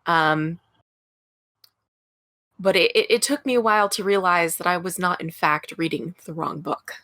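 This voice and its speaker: A woman's voice: lowish voice, measured pace, fairly bright tone, no room sound. Chatty woman podcaster, dry sound. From American Midwest. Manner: chatty, many fillers like "like" and "you know". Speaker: podcast co-host. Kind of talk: casual storytelling chat.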